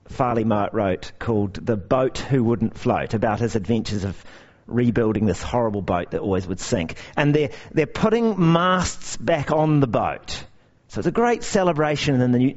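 A man preaching a sermon, his pitch leaping up and down as he tells stories and drives points home with emphatic repetition. The recording sounds dull and lo-fi, as if the top end has been shaved off. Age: young adult to middle-aged parent. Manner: animated storytelling with emphatic repetition.

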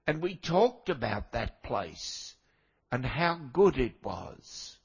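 An older man delivers a sermon at an unhurried, deliberate pace, his voice husky and a little worn by a cold. He chats with the congregation rather than orating and drops in wry asides. The recording sounds dull and lo-fi. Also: medium pitch, very animated. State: has a cold, coughing now and then. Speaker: preacher.

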